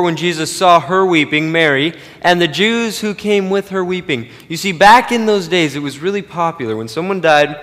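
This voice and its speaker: A pastor preaching a sermon, swinging from loud emphatic peaks to quiet low asides. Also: male voice, in a large hall.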